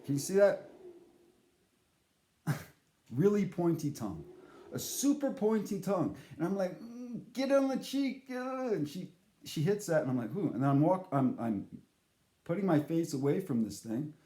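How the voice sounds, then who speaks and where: A man telling a comic story to camera in a rambling, halting, deadpan way. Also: on the high side, reverberant.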